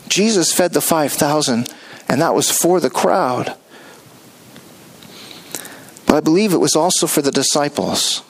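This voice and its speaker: A high-voiced man preaching a sermon. He tells the story in a lively way and slips into the voices of the people in it. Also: normal speed, slightly rough, poor audio. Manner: animated storytelling, acting out characters. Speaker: pastor.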